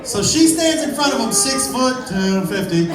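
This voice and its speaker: A man telling a story in a stand-up set, punchy and loud at times, swearing freely. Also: very high voice, animated, normal speed, loud music behind the voice. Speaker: stand-up comedian. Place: comedy club stage with a live audience. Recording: echoey, distant live club recording with a loud crowd.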